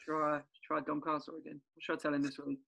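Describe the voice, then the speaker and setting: A man's voice: fairly high pitch, completely flat delivery, fast talker, creaky, bright, forceful tone, dull audio. A man co-hosting a podcast, chatting loosely, laughing and swearing as he plans prank calls. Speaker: podcast co-host. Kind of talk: casual podcast banter.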